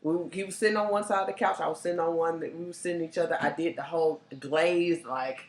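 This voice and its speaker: A woman hosting a casual chat, telling stories in an animated, laughing way. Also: low-pitched, quick pace. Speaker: STD life coach, host. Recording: echoey room.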